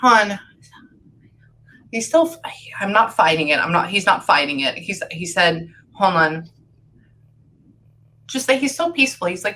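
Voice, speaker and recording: A woman working as a psychic medium, giving a chatty, excitable reading to a client over a call. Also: medium pitch, normal speed, pauses often, slight background noise. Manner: excitable, chatty, filler-heavy.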